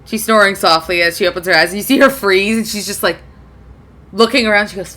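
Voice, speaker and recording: A woman narrating as game master of a tabletop game, casual and quick to laugh. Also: on the high side, bright, forceful tone.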